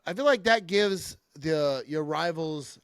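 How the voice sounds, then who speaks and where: A middle-aged man with a fairly high voice hosts a casual sports chat. He talks animated and trash-talking, and laughs often. The sound is dry and close, with no room in it. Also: slow, smooth, dry recording. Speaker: podcast host.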